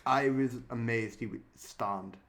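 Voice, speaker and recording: A man's voice: medium pitch, a little slow, vocal fry, fairly bright tone. A man co-hosting a podcast, reacting bluntly and swearing in casual film chat. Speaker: podcast co-host. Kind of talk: casual chat reviewing films.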